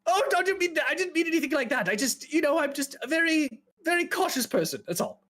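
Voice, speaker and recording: A man's voice: very high-pitched, sing-song, quick pace, bright, forceful tone, voice pushed up, exaggerated voice. Man putting on a stammering anxious half-elf mage. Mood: nervous. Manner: stammering, nervous giggling.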